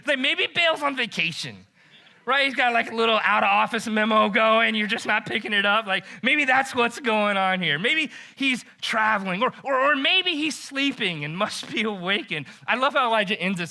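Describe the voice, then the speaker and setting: A male pastor with a fairly high voice and a very bright, sharp tone. He retells a scripture story like a casual chat, animated and joking, with "like" dropped in all the time. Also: normal speed, gravelly. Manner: animated and joking, heavy use of "like".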